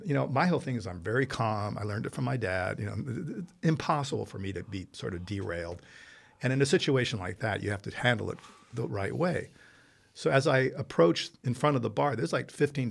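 A man with a gravelly, fry-edged voice hosts a relaxed conversation. He spins long stories, doubling back, restarting and piling on asides. His pitch sits right in the middle of the male range. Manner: rambling, animated anecdotes with restarts. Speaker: host. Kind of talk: casual storytelling chat.

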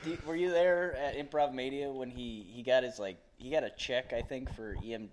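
A man telling rambling, halting stories in casual podcast banter, laughing often. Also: medium pitch, steady tone. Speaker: podcast co-host.

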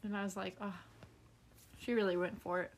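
A woman podcast host speaks fairly quickly at a medium pitch while casually recounting a story. She acts out the people she quotes with animation and swears offhandedly.

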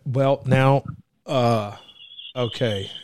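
A man's voice: mid-range voice, fairly even intonation, very slow, a little mellow, dry recording, studio quality. A man hosting a podcast, telling crude, rambling, profane stories in casual banter. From Arizona. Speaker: podcast host.

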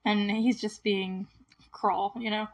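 A woman casually recapping a movie, chatty and full of "like", with small laughs and frequent throat clearing. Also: mid-range voice, flat delivery, slow. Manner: often clears her throat.

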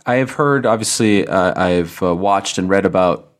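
A man's voice: deep voice, normal speed. A man hosting an interview, asking questions hesitantly and restarting them as he goes. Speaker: podcast host.

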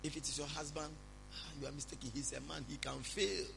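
A man preaching a sermon, speaking calmly and reassuringly to his congregation. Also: on the high side, brisk, vocal fry, slight background noise, poor audio. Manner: preaching, shifts from loud prayer to calm counsel. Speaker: pastor.

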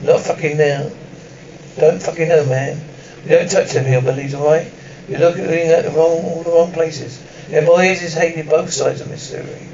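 A man gives voice to a hard-edged small-town lawman, blunt and foul-mouthed, with a voice sitting a bit high for a man. The sound is dull and muffled, heard from some distance, with a faint hiss of room noise behind it. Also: steady tone, moderate pace, darkish tone, lightly acted. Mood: gruff. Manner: blunt, swearing. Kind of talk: film drama acting.

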